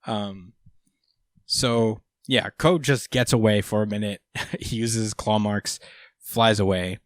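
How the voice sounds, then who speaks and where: A man's voice: fairly low pitch, fairly even intonation, slow pace, dry recording, studio quality. A man hosting a podcast, casually recapping a comic chapter, swearing freely with lots of fillers. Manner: laid-back, swears freely, many fillers. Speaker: podcast host.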